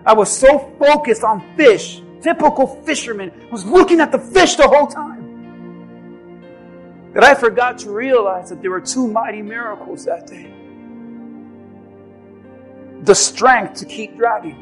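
A man preaching a sermon as pastor, building from quiet, low passages to impassioned shouting and leading an altar call. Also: lively intonation, measured pace, pauses often, faint music behind. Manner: impassioned, rising to shouts then dropping low.

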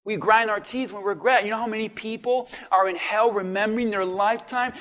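High-voiced preacher giving a dramatic sermon. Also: male voice, normal speed, hardly any pauses, a bit bright. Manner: dramatic, acts out voices of people in hell. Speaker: pastor.

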